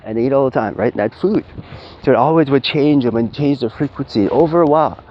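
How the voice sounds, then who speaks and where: A man's voice: mid-range voice, fast. A man giving spiritual advice in a casual, rambling monologue, swearing and acting out quoted people. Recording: dull lo-fi audio with faint hiss.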